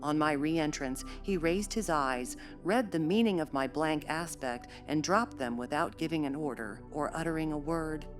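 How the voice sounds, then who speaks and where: A woman narrating a classic novel in a measured, steady storytelling voice. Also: deep voice, soft background music. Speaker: audiobook narrator.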